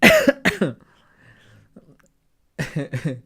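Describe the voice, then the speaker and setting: A man's voice: on the high side, wildly swooping pitch, extremely slow, bright, forceful tone, husky. Laid-back joking man streaming his trades. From Ghana. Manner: laid-back, joking, talks to chat with slang. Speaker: forex trading streamer. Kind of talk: casual live-stream chat.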